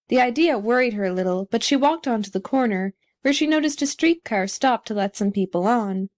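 Woman reading a storybook aloud, kinda high voice, steady and clear. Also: a little fast, few pauses. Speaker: narrator.

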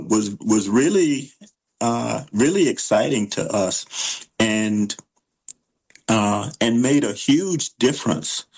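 A slow-spoken man with a gravelly, low voice, answering an interviewer about his work as an illustrator. He hesitates often and restarts his sentences, filling gaps with "uh" and "you know". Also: a little mellow, rough recording. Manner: halting, many fillers and restarts. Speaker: children's book illustrator.

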